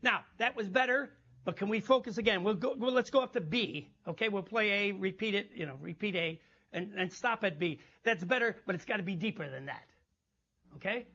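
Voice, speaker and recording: A man teaching a jazz masterclass, coaching a band and scatting rhythms in an animated way, on a muffled lo-fi recording. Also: high-pitched, fairly quick, vocal fry. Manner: animated, scats rhythms and chants phrases. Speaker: jazz instructor.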